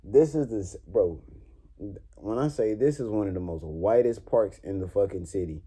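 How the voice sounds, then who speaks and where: Animated young man. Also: lowish voice, moderate pace. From New Orleans. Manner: animated, swearing, laughs often. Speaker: vlogger. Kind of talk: casual story time monologue.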